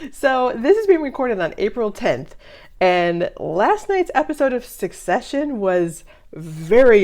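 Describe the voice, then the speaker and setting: A middle-aged woman talks through a movie reaction in a casual, chatty way, laughing often. Her pitch moves around a lot as she reacts. She sounds like a relaxed host speaking to her viewers.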